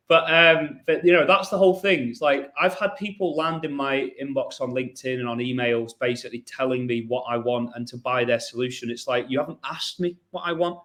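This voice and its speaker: A man's voice: medium pitch, steady tone, a little fast, few pauses, fairly bright tone. A man hosting a podcast in a casual, chatty way, often restarting and repeating words. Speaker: podcast host.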